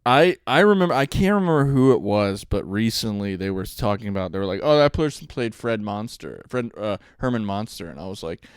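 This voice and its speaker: Rambling storyteller man, smooth dry voice. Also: on the low side, lively intonation, brisk, few pauses, dry recording. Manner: rambling storyteller, laughs often. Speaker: podcast co-host. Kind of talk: casual chat.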